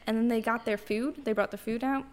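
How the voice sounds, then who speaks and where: A woman's voice: a little high, fairly quick, slight background noise. A young woman co-hosting a podcast, telling a story in casual chat with lots of fillers and acted-out quotes. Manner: animated storyteller, many fillers, acts out quotes. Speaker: podcast co-host.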